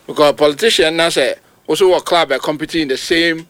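A Ghanaian football pundit talks the game with animated energy on radio sports talk, switching between Twi and English. He's emphatic and quick, his voice leaping into sudden high outbursts, with a little background noise in the clip.

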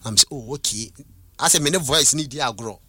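A man recounting visions and a spiritual calling in a casual conversation, with halting restarts and English phrases mixed in. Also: mid-range voice, a crowd in the background. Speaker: guest.

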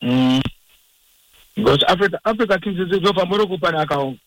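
A man phoning in to a sports radio show, animated and indignant, rambling and repeating himself. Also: high-pitched, a little fast, poor audio. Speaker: caller. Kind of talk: call-in radio football opinion.

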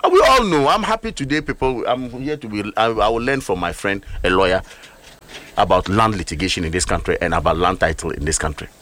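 A man's voice: on the low side, expressive, a little fast, fairly bright tone. A middle-aged man with a Ghanaian accent giving heated political commentary, emphatic and full of rhetorical questions. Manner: emphatic, rhetorical, switches between languages.

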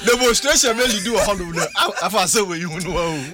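A man with a Ghanaian accent, discussing in an animated way, laughing and repeating words. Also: high-pitched, fast talker, very noisy. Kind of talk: casual discussion mixing English and Twi.

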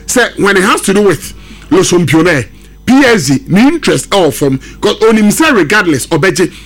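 A man with a Ghanaian accent arguing about football as a radio pundit, emphatic and excited, mixing English and Twi. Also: high-pitched, moderate pace. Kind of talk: radio sports discussion.

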